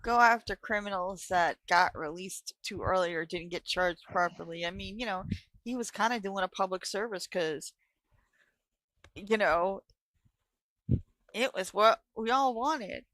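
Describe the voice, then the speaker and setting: A woman's voice: mid-range voice, a little slow, a bit bright, no room sound, low-quality recording. A woman co-hosting a casual live stream chat from home, telling stories and swearing freely. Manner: chatty storyteller, swears freely. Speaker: co-host. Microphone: live stream call.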